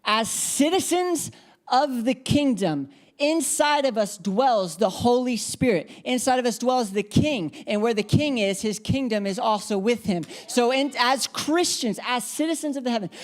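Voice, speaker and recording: A woman's voice: on the high side, a little mellow. A woman preacher giving an emphatic church sermon, repeating key phrases and leading the congregation in responses.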